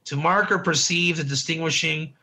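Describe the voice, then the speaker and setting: High, gravelly-voiced male Bible teacher. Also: normal speed, pushed and bright. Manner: chatty, repeats words and restarts, asks the class questions. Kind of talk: informal class lecture.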